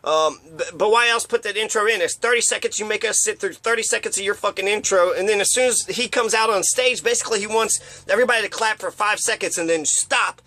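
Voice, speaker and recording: A man's voice: high voice, fast talker, hardly any pauses, sharp tone. A man ranting in a rambling, profane, casual way, often mocking others with put-on voices. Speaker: commentator.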